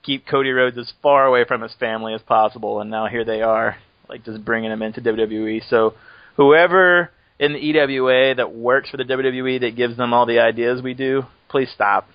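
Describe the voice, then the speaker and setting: A man's voice: medium pitch, steady tone, fairly quick, no echo. Joking man hosting a podcast, lo-fi sound. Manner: joking, rambling, laughs often. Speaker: podcast host. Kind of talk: casual chat.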